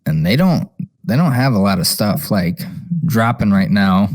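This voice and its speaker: A man's voice: on the low side, lively intonation, normal speed, a little mellow, soft background music. A man co-hosting a podcast, chatting casually and thinking aloud, full of likes and trailing questions. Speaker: podcast co-host. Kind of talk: casual chat.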